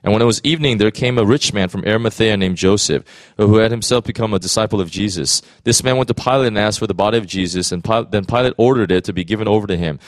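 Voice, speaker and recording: A man's voice: on the low side, quick pace, no echo. A man reading scripture aloud straight through, correcting misread words as he goes.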